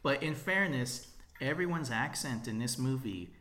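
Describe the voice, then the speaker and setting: A man with a gravelly, fry-tinged voice chats about a film on a podcast. His delivery is measured, with small hesitations and dry, wry jokes. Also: medium pitch, lively intonation, sharp tone. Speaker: podcast co-host. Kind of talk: casual film discussion.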